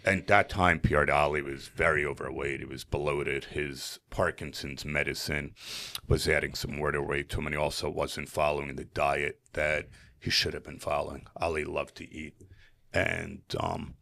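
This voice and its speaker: A man from New Jersey, a podcast guest, telling a story in earnest, animated style with frequent fillers. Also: a bass voice, normal speed, creaky. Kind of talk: emotional storytelling in conversation.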